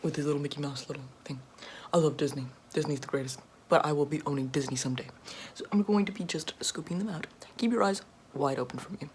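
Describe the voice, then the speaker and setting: A young woman voicing a greedy, cruel billionaire boss man in a comic whispered role-play, with a put-on deeper, soft, whispery voice and a smug, mocking manner. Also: quick pace, slight background noise, close to an everyday voice. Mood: boastful.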